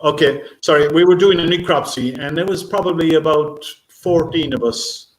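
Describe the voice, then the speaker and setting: A man giving a conference talk as a marine biologist, speaking haltingly with many fillers and restarts. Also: on the high side. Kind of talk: conference talk answering questions. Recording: echoey room, faint noise.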